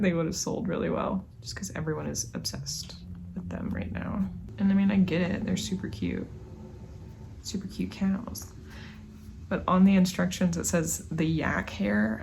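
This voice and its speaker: A woman's voice: fairly low pitch, vocal fry, slight background noise. A young woman casually chatting at home while she crochets, rambling and muttering to herself with sighs as she works. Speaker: crochet vlogger.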